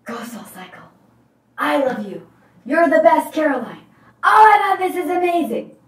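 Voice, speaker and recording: A woman putting on an older man who screams with excitement in a spin class, in a shrieking, over-the-top voice. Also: very high voice, normal speed, echoey room, recorded from a distance, pitched above the performer's own voice, heavily acted. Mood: ecstatic yelling.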